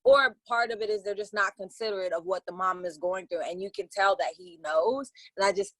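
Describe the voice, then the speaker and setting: A woman co-hosting a podcast, chatting casually with slangy, animated storytelling. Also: medium pitch, a little fast, no room sound. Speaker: podcast co-host. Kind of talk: casual chat.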